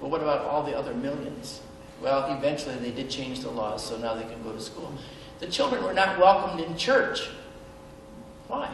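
A man's voice: medium pitch, expressive, moderate pace. Middle-aged male speaker, earnest storyteller with wry humor; distant mic in a reverberant hall, faint room noise. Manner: earnest, with self-deprecating humor and hesitant fillers. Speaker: speaker at a benefit event. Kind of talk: personal storytelling speech. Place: large event hall.

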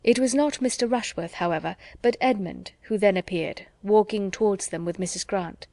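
A woman reading a classic novel as an audiobook narrator, in measured, even storytelling. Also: mid-range voice, no room sound. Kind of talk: scripted narration.

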